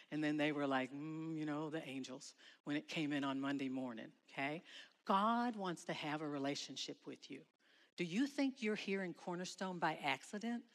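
A middle-aged woman with a bright, forceful voice tells students a story in a school chapel, calling out loud whenever she acts out a shout. Her words carry a long reverb through the hall. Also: low-pitched. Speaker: guest speaker at school chapel. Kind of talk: emotional testimony to students.

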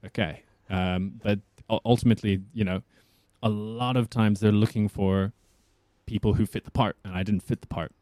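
Low mellow-voiced man, rambling. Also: steady tone, normal speed, dry recording. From South Africa. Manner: rambling, thinks aloud. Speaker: actor, interview guest. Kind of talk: casual interview talk.

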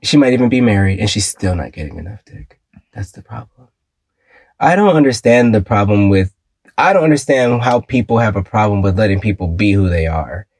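A man's voice: fairly low pitch, animated, brisk, a little mellow, no room sound. A man co-hosting a podcast in casual chat, blunt, sassy and profane. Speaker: podcast co-host.

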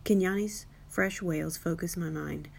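A woman narrating a children's audiobook in a lively, wry first-person style, giving each character a voice. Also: lowish voice, measured pace, creaky, slight background noise. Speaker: audiobook reader.

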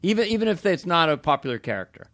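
An older man, a comedian guest chatting casually on a podcast, animated and quick to slip into voices and laugh. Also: fairly high pitch.

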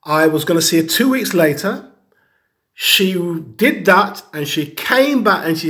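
A man's voice: high-pitched, expressive, a little slow, a bit bright. A man giving an earnest teaching talk on grief, telling stories and acting out the people he quotes. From Caribbean heritage. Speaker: speaker on grief and bereavement.

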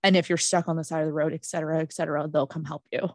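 A woman's voice: sits low, level tone, very fast, dry recording, clean studio sound. A Canadian woman co-hosting a casual podcast from her basement, chatty and playful, stopping to explain things for listeners. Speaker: podcast co-host. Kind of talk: casual chat. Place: basement room.

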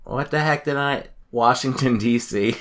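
A man's voice: medium pitch, moderate pace, a bit bright, a little hiss or hum. A man chatting playfully with friends, laughing and joking as he tries to name all the US states. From United States. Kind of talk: casual chat among friends.

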